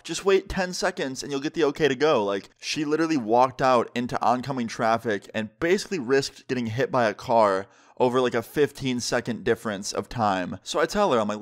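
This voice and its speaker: A man's voice: medium pitch, a little fast, few pauses. Young guy doing a storytime vlog, talks big and emphatic, slangy, just chatting to camera. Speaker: vlogger telling a story.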